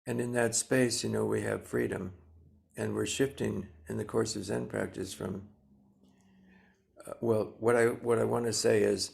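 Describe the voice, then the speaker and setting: A man in his seventies, a Zen teacher giving a dharma talk, speaking slowly and gently with many pauses and fillers. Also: fairly low pitch, steady tone, creaky. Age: 70s.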